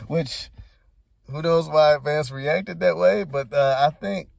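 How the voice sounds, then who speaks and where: A man talking through the news in a loose, rambling, slangy way. His voice sits a little high with a gravelly fry running through it. It sounds like an unscripted vlog commentary. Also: moderate pace, dry recording. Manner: rambling, laid-back, slangy. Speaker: commentary vlogger. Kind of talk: casual commentary.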